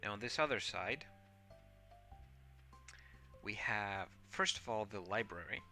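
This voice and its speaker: A man chats through his gameplay with a gravelly, very bright voice, rambling and playful. Faint game music plays behind him. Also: fairly low pitch, lively intonation, measured pace. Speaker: gameplay host. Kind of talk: casual game commentary.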